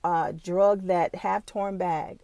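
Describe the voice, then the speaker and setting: A woman's voice: fairly low pitch, fairly even intonation, slow pace, creaky, dark tone, dry recording. A woman who runs her own small business, talking straight to camera in a casual, motivational way, blunt and swearing freely, at times close to tears. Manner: emotional, fighting back tears.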